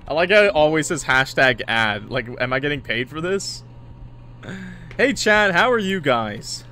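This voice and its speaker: A man's voice: on the high side, sing-song, a little slow, pauses often, sharp tone. A man streaming a game, chatting casually with his viewers and laughing often. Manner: laughs often, joking with chat. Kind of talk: casual gameplay commentary.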